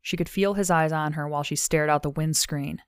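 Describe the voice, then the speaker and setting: A woman reads a novel aloud in measured, steady narration. Her voice sits low and smooth, and the sound is dry and close to the mic. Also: no echo. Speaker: audiobook narrator. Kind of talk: scripted audiobook narration.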